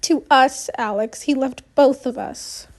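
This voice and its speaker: A woman reading an audiobook, voicing a distraught middle-aged mother who keeps breaking into tears. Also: unhurried. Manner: tearful, high and trembling. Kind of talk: audiobook character voice.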